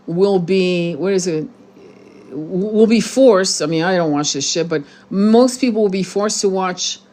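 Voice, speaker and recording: Blunt, profane woman ranting to viewers. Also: medium pitch. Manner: blunt, profane, heated, many restarts. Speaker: tarot channel host. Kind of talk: casual monologue to viewers.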